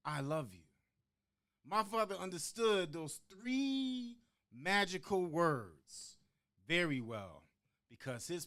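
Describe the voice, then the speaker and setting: A man performs a personal spoken-word monologue with a bright, high-pitched voice. He takes his time, pausing dramatically between phrases. Now and then he slips into the voices of the people in his story. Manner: dramatic, rhythmic delivery with long pauses on key words; acts out quoted voices within the story. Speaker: podcast guest performing a monologue.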